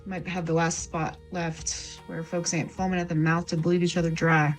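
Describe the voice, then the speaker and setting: A woman's voice: on the low side, level tone, normal speed, faint music behind, close to an everyday voice. A woman doing a drawling streetwise smuggler man. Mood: persuasive. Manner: folksy drawl with rough slang. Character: weary streetwise male smuggler, bitter at the rich. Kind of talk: tabletop role-play.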